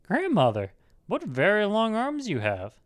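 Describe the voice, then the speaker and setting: A man's voice: medium pitch, sing-song, normal speed. A man voicing an innocent, polite little girl in a storybook reading, with a raised, sweet lilting voice.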